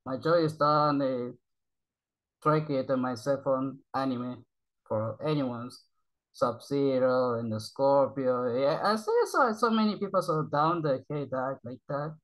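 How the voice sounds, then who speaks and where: A man from Japan who speaks English with a Japanese accent as a second language. He rambles through casual reaction commentary, halting, repeating words and swearing often. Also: medium pitch, fairly bright tone, rough recording. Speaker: YouTube reactor.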